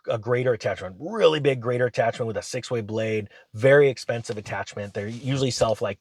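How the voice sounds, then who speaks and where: A man, hosting his channel and telling rambling, animated business stories in casual chat. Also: medium pitch, no room sound. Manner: rambling, animated anecdotes with acted quotes. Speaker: channel host. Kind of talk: casual storytelling monologue.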